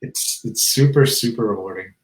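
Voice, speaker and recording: A man's voice: fairly low pitch, normal speed, reverberant, poor audio. A man co-hosting a live Q&A, talking in a casual, enthusiastic way and repeating words. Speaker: co-host, teacher. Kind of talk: live Q&A chat.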